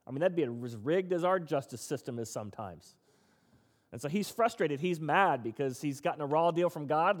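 A man's voice: medium pitch, a little mellow. A man preaching a conversational sermon who acts out quoted complaints in a raised voice. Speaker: pastor. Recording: long hall reverb.

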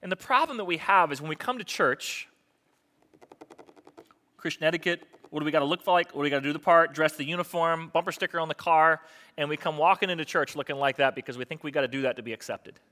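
High, bright-voiced male pastor preaching. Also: quick pace. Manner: conversational preaching that swings from hushed to emphatic. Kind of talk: sermon.

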